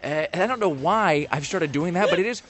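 A man's voice: high-pitched, expressive, fast, fairly bright tone. A man hosting a radio show, chatting casually in a rambling, jokey and self-mocking way.

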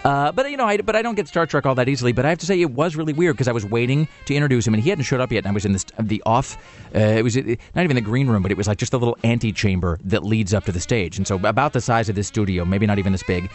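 A man's voice: medium pitch, racing, faint music behind. A male radio host telling a casual story on air in a studio, rambling with many restarts and fillers.

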